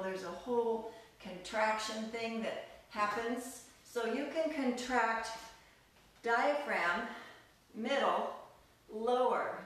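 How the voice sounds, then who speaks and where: A woman's voice: a little high, distant mic. A woman teaching a live online belly dance class, counting beats in a sing-song voice and explaining moves in a chatty, upbeat way, recorded by a camera mic across the room in a studio. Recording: echoey room, voice from away from the mic, music playing. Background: dance music.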